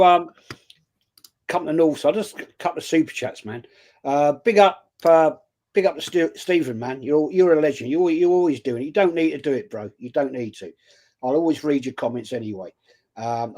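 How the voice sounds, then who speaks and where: A man with a London accent hosting a casual football livestream, reading out viewer comments and giving shout-outs. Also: fairly high pitch. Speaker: host.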